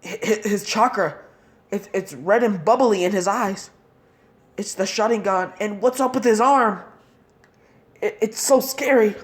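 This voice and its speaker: A woman's voice: medium pitch, unhurried, long pauses, voice pushed up, lightly acted. A woman voicing a frightened enemy ninja in a fan story, stammering and panicky. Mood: scared.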